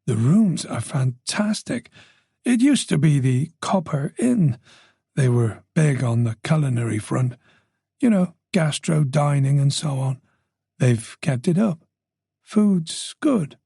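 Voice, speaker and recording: A man's voice: on the high side, animated, takes it slowly, gravelly, warm tone, husky, dry recording, studio quality, exaggerated voice. A man voicing a chatty, nosy older village woman with a faint Dublin Irish accent. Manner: gossipy, nosy, playful.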